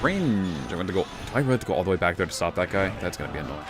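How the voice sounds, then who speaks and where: A man casually commenting on his gameplay as a streamer, relaxed and rambling, swearing now and then. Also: low-pitched, racing, music in the background.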